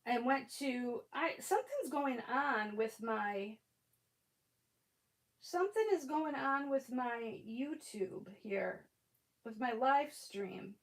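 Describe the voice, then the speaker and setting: Chatty high-voiced middle-aged woman. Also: lively intonation, takes it slowly. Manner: chatty, rambling storyteller with casual swearing. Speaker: crafting livestream host. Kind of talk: casual livestream chat.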